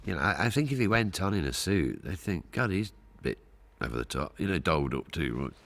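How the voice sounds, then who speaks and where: Deep, gravelly man chatting in an interview. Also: big pitch swings, brisk, fairly bright tone. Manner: hesitant, with fillers. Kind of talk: casual interview.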